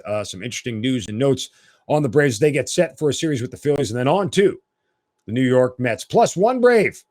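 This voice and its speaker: A man hosting a solo sports podcast, talking in a blunt, opinionated and animated way. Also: mid-range voice, dry recording. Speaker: podcast host.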